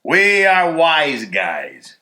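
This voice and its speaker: Male reader voicing a tired old-school gangster, dry and deliberate, lively pitch, roomy echo. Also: full character voice.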